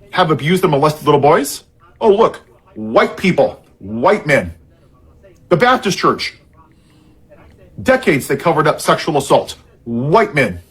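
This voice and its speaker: A man's voice: fairly high pitch, fairly bright tone, slightly rough. A man in an impassioned political rant, angry and heavily sarcastic, sounding worked up and frustrated. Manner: angry and sarcastic, heavy irony.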